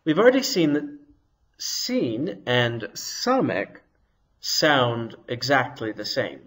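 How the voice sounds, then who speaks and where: Slow, lively-pitched male language teacher. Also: poor audio. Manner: patient, explains slowly and demonstrates sounds aloud. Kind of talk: recorded video lesson.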